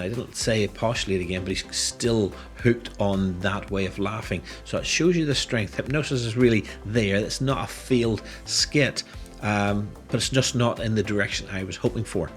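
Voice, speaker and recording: A middle-aged man with a fairly low voice talks through a hypnosis tutorial, explaining each step casually. Faint music plays beneath his voice. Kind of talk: tutorial commentary.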